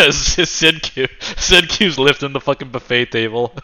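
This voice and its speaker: A man's voice: mid-range voice, takes it slowly, sharp tone. A man casually commenting on his own gameplay, joking and swearing loosely. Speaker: streamer playing a video game.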